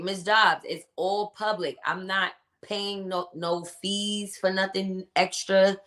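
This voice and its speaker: A woman's voice: sits low, a bit bright. A woman hosting a casual livestream podcast, chatty and emphatic, reading out and answering her live chat. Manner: chatty and emphatic, greets viewers by name.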